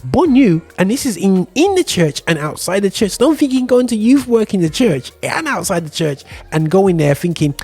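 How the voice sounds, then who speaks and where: A man hosts a casual podcast conversation, talking animatedly in street slang and checking in with "you know what I mean" at every turn. His voice sits a little high for a man, husky and mellow, with faint music underneath. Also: very animated, brisk, hardly any pauses. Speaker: host.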